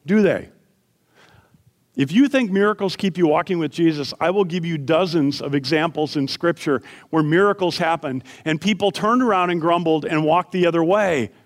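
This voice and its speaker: A middle-aged male pastor delivering a sermon in a fairly high voice. He is earnest, pushing up into emphatic peaks, then dropping low and soft to tell stories.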